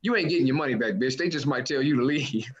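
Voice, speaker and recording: A man's voice: mid-range voice, fast talker, muffled recording. A man, a stand-up comedian, casually recounting a story about a heckler. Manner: lively, acts out other people's lines. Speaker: comedian co-host.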